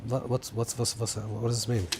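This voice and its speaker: A man's voice: medium pitch, level tone, normal speed, noisy background. A man teaching a rabbinical class in an informal lecture style, thinking aloud with many restarts and mixing Hebrew terms into English.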